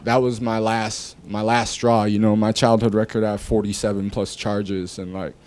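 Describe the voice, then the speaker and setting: A young man, a rapper guest on a podcast, telling a story from his past in a loose, animated way, cursing freely and acting out what people said. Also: fairly low pitch, normal speed, clean tone. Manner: animated storyteller, curses freely, acts out dialogue. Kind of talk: casual storytelling interview.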